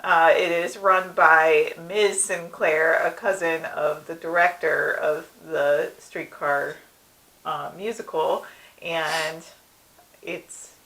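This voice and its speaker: Woman with a bright, lowish voice chatting. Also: slow pace, poor audio. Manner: relaxed explaining, with light laughs. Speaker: podcast co-host. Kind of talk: casual episode review chat.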